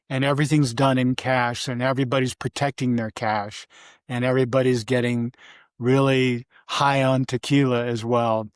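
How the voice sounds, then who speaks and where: A man's voice: clear, resonant tone, dry recording. Older man telling stories, dry close sound. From Vermont, USA. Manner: rambling, halting, with many restarts and fillers; briefly mimics his mother in a high voice. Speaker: interview guest. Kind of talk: casual storytelling interview.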